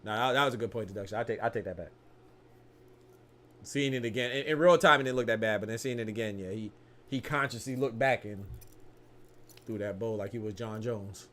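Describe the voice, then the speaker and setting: Slangy excited man calling a fight. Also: fairly low pitch, brisk, pauses often, slight background noise. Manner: slangy, excited, frequent restarts and laughs. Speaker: boxing commentator. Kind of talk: casual live fight commentary.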